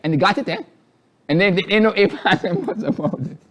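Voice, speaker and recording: A man co-hosts casual political banter. His voice sits high and moves quickly, and he keeps repeating himself and tacking on "eh". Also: a little hiss or hum. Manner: animated, repetitive, tag questions with "eh". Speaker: co-host.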